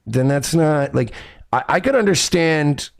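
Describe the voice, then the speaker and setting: A man in his thirties hosting a casual talk stream, animated and profane, acting out quotes as he tells stories. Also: a little high, unhurried, gravelly. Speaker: host. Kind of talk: casual chat.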